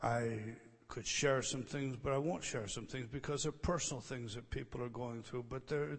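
A man preaching an expository sermon, repeating key phrases with emphasis and swinging between loud declarations and hushed, quiet lines. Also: medium pitch, long reverb tail. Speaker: pastor.

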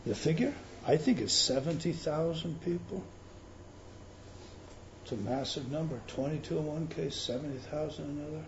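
A man preaching a sermon in an emphatic teaching manner, swinging between loud stresses and quiet intensity. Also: on the high side, normal speed, lo-fi sound, a little hiss or hum.

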